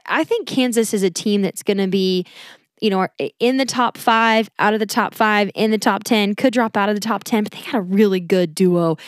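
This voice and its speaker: A woman's voice: medium pitch, dry recording, studio quality. A woman hosting a sports podcast, chatting through the week's news and correcting herself with a laugh. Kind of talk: casual solo sports recap.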